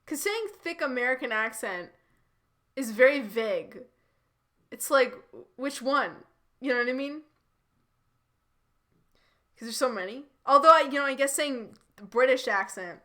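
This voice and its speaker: A woman's voice: high-pitched, lively intonation, measured pace, long pauses, sharp tone. A woman streamer reading fanfiction aloud live and chatting through it, laughing and stumbling over restarts.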